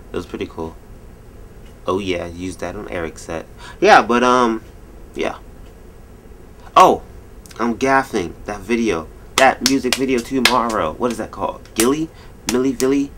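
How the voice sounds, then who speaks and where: A man in his twenties rambling jokily through a late-night vlog at home, telling stories in an animated way. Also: on the low side, moderate pace, long pauses. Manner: rambling, jokey, animated storytelling. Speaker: vlogger.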